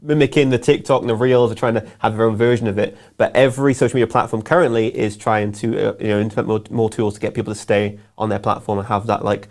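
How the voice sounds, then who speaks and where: A man's voice: on the low side, steady tone, darkish tone. A man co-hosting a business live show, chatting casually with lots of fillers and laughs, his voice a little worn. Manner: quick, laughing, filler-heavy. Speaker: co-host.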